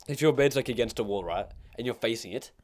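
A man's voice: medium pitch, fast talker, dry recording, clean studio sound. A man co-hosting a casual podcast chat, rambling and giggly, with many fillers as he tells stories.

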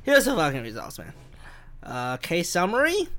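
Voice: mid-range voice, wildly swooping pitch, normal speed, fairly bright tone. Rambling, profane podcast host. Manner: rambling, profane, self-mocking. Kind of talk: solo podcast rant. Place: home in Vancouver. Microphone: handheld microphone held too far from the face.

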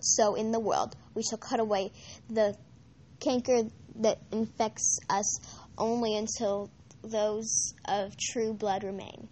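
A woman voicing a cold, menacing male dark lord in a read-aloud story, speaking slowly and quietly with mockery. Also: medium pitch, level tone, a little hiss or hum, close to an everyday voice.

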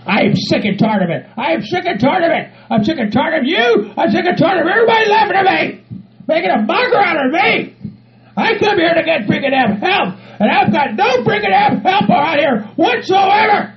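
A man voicing a loud, hot-tempered middle-aged hillbilly who shouts and curses nonstop. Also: very high-pitched. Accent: Southern US put on. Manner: shouting, cursing, ranting. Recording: muffled recording with crowd noise.

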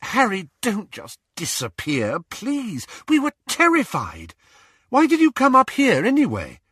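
A man's voice: sits high, wildly swooping pitch, measured pace, fairly bright tone, breathy edge, no room sound, clean studio sound, pitched above the performer's own voice, exaggerated voice. A man voicing an anxious, bossy teenage witch girl who talks in a breathless, urgent way. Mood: alarmed.

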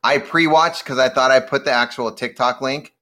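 A man co-hosting a casual show, animated and quick to laugh. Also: mid-range voice. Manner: animated, prone to loud laughter. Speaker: podcast co-host. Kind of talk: casual chat.

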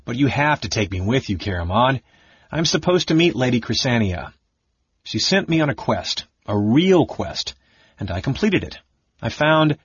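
A man voicing an excitable, chatty young male kender who talks in high, eager, indignant bursts. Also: normal speed, husky, no room sound. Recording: muffled lo-fi recording.

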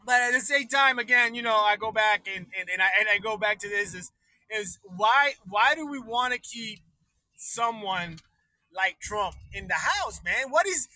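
A man's voice: high voice, expressive, moderate pace, pushed and bright, no room sound, low-quality recording. A man hosting a livestream, ranting casually with lots of swearing, restarts and laughter. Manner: profane, rambling, laughs often. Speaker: livestream host. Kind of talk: casual political rant.

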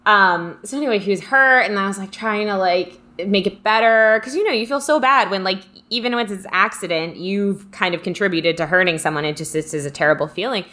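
A woman's voice: medium pitch, a little fast, hardly any pauses, bright, forceful tone. A young woman co-hosting a casual podcast chat, speaking in a reflective, chatty way full of "like". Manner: reflective, chatty, many "like" fillers. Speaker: podcast co-host.

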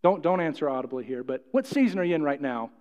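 A middle-aged pastor delivers a sermon in a church hall, very animated and quick, his slightly high voice carrying a darkish tone. He's folksy and full of jokes, often repeating himself and questioning the congregation, and the muffled recording has a long hall reverb.

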